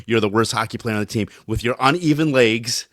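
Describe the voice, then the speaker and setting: A man's voice: medium pitch, a little fast, a bit bright, no echo. A man co-hosting a podcast, chiming in with teasing, dry quips. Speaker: podcast co-host. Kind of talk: casual banter.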